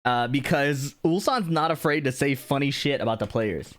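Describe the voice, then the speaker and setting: A man chatting casually on a live stream, animated and laughing, swearing freely as he talks. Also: medium pitch, normal speed. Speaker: streamer and video maker.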